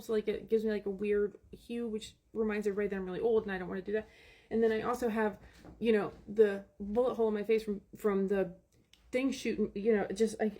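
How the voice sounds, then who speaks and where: A woman's voice: medium pitch, a little mellow. A woman vlogging about her day, rambling and exasperated, with many restarts. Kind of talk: casual storytelling vlog.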